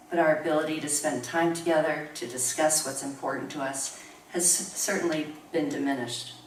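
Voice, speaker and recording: Brief: woman in her 60s, low voice, measured academic reader, picked up from across a roomy room. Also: slight background noise. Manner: measured, reflective reading, chuckling during anecdotes. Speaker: professor giving a tribute talk. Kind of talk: reading a prepared academic talk with personal asides. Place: university lecture room. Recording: roomy room recorded from far off.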